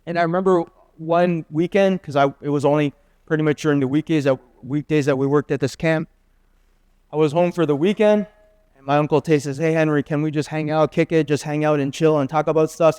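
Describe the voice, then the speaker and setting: A man in his fifties delivers a sermon as a guest preacher, telling a personal story slowly and earnestly. His voice is smooth and a little high. The sound is close and dry, with no room around it. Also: fairly even intonation, darkish tone, no room sound. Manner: earnest, slow confessional storytelling.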